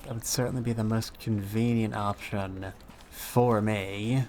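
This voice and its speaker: A man's voice: fairly low pitch, fairly even intonation, unhurried, darkish tone, slight background noise. A man streaming a game, chatting to his viewers in a sarcastic, joking way. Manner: sarcastic, joking, talks to chat. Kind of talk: casual game commentary.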